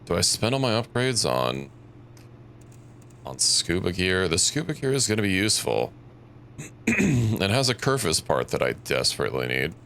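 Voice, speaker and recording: A man's voice: low voice, sing-song, normal speed, creaky, pauses often, fairly bright tone, slight background noise. A young man streaming a game, thinking aloud in a rambling, casual way and correcting himself as he goes. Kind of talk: casual gameplay commentary.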